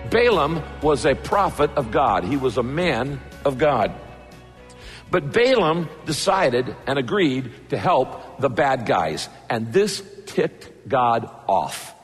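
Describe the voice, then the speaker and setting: A male pastor preaching a sermon, telling the story with lively asides and acting out the characters' lines. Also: mid-range voice, slow pace, slightly rough, faint music behind. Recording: long hall reverb.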